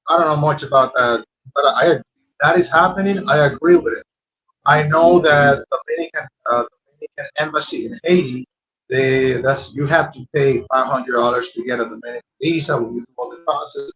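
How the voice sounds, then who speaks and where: A man's voice: mid-range voice, fairly quick, a bit bright, highs cut off. A man answering on a casual podcast in a hesitant way, repeating himself and stumbling over his words.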